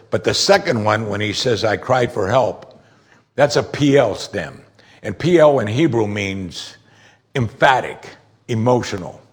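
A man preaching a conversational sermon, explaining scripture and rising sharply in pitch when he makes a strong point. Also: slightly rough. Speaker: pastor.

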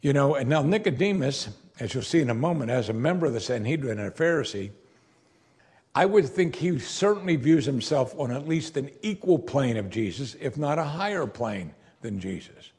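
Here a man of medium pitch and moderate pace works through an expository sermon in a conversational, animated way. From time to time he playfully acts out the quoted lines of people in the story.

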